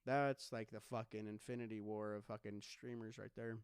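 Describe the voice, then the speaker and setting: A man's voice: on the low side, level tone, normal speed, clean tone, dry recording, studio quality. A man hosting a solo podcast, chatting casually in a rambling, joking way with lots of swearing. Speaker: podcast host.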